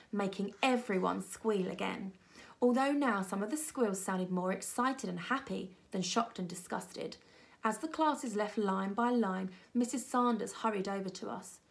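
Expressive woman storyteller reading a children's book, slightly gravelly voice. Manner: expressive storytelling, voicing children with raised pitch. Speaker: reader. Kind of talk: reading a children's novel aloud. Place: primary school.

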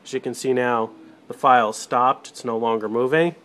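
A man walking viewers through setting up a desktop microphone and call software, step by step, at his computer. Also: medium pitch, steady tone, normal speed. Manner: practical step-by-step instructions. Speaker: tutorial presenter for a radio show. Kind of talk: casual screen-recorded tech tutorial. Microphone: desktop USB microphone, moving toward and away from it.

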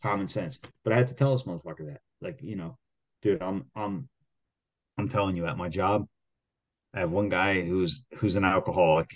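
A man co-hosting a podcast who tells a rambling work story full of swearing, getting worked up and loudly acting out his own arguments. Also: sits low, moderate pace. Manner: heated, rambling, swears constantly, acts out quoted arguments loudly. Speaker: podcast co-host. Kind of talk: casual profane storytelling. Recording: dull lo-fi sound.

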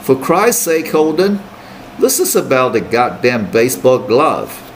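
A man reading aloud and voicing an irritable, conceited teenage boy roommate who swears gruffly. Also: medium pitch, animated, normal speed, a little hiss or hum, lightly acted, poor audio. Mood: furious. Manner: gruff, swearing, exasperated retorts.

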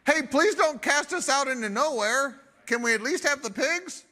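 A man's voice: extremely high pitch, lively intonation, moderate pace, pushed and bright, voice pushed up, full character voice. A man doing a whiny begging demon. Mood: pleading. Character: pleading male demon, whiny and sly.

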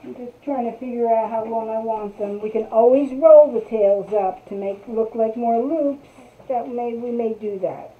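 Woman, craft live-stream host, casual chatty tutorial, higher voice, tinny phone-like sound. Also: moderate pace. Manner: chatty, greets viewers while working.

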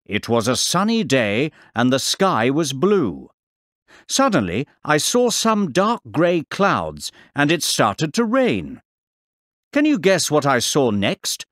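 A man playing a professor who tells children what he saw, in a slow, clear and very expressive storytelling voice. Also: fairly high pitch, no room sound, clean studio sound, heavily acted. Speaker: voice actor on a course audio CD. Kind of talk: scripted storytelling for young learners. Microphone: close studio mic, dry.

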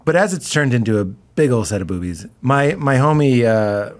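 A man, a comedian guest in casual podcast chat, animated and quick to laugh, acting out quoted voices. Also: mid-range voice.

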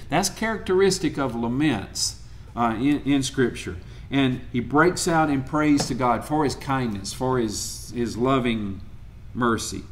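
A man preaching a sermon in a church, reading scripture aloud in an earnest, measured way. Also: a little high, expressive.

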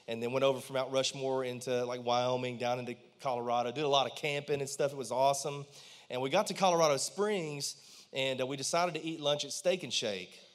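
A man, preaching a conversational sermon in church and often asking the congregation questions. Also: medium pitch. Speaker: pastor.

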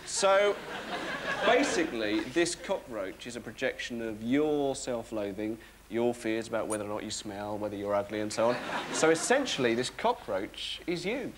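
A man plays a neurotic, sleepless young man who rambles on in a wry, self-mocking way. His pitch swings up and down, and the old TV recording has a lot of hiss. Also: natural voice. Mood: smug. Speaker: sitcom lead. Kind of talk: comic monologue and dialogue. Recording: noisy TV broadcast recording.

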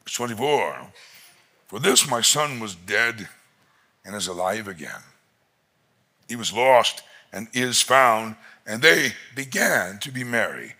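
A man preaching a sermon as pastor, expressive and emphatic, rising to loud peaks. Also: mid-range voice, slow pace.

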